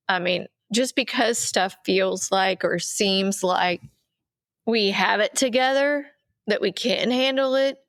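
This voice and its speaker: A woman's voice: medium pitch, vocal fry, fairly bright tone, dry recording. A middle-aged woman co-hosting a faith podcast, talking earnestly about grief, at times near tears. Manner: earnest, tearful at times, voice rising when moved. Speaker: podcast co-host. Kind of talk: emotional faith podcast talk. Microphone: remote recording, separate location.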